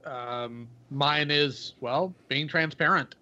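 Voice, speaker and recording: A man's voice: fairly high pitch, takes it slowly, bright, forceful tone. A man on a podcast call, speaking plainly, firmly and with self-assurance. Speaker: podcast guest. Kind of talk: casual chat. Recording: dull lo-fi call audio.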